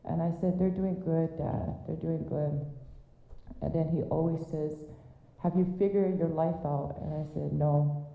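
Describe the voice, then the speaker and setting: Middle-aged woman, low voice, telling family stories at a memorial, echoey hall, tinny phone-ish sound. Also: fairly even intonation, a little slow, gravelly. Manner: candid storytelling with self-deprecating asides. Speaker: daughter giving a eulogy. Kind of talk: personal memorial speech.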